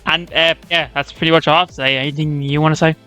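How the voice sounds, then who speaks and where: Male host, crisp smooth voice, bright tone, teasing casual chat. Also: a little high, steady tone, fast talker, soft background music. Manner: joking, teasing. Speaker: interview host.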